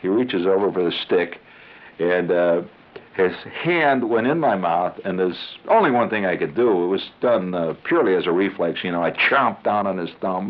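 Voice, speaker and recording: Brief: male radio storyteller, low voice, very animated delivery, tinny old broadcast sound. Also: normal speed. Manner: rambling, conversational, chuckling asides. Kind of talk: comic monologue.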